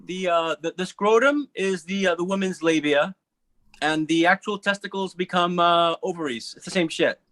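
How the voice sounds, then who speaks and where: A man speaking on a panel in a casual, animated, profane way, acting out little quoted voices. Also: high voice, normal speed, dry recording.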